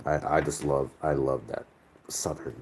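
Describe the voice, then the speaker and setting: With a rumbling low voice, a steady tone and a slightly breathy edge, this host reads out viewer comments in a casual live chat. He's a man from the northern US who talks a little slowly and a little mellowly, rambling and hunting aloud for the right words.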